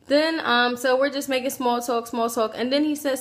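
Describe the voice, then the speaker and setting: A woman telling a personal story to her camera in a casual, animated way, acting out what people said. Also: fairly high pitch, moderate pace, hardly any pauses. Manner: animated, acts out quoted voices, chatty asides. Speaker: vlogger.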